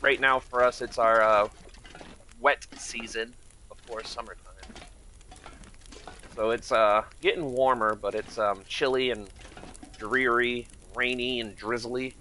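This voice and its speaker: A man from Michigan talks loosely to his live-stream viewers as he plays, wandering from topic to topic and greeting people by name. His voice has a bright, forward edge, sitting in a middle pitch. A faint hum runs underneath. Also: steady tone, unhurried, pauses often. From Michigan, United States. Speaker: game streamer. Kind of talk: casual live-stream chat while playing.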